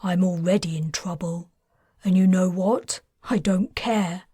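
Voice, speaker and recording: A soft-spoken, earnest man, as a woman reads him in a science fiction audiobook. He talks slowly and gently, in a hushed, lowered voice, close and dry with no room sound. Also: steady tone, slightly rough, no echo. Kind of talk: audiobook character reading.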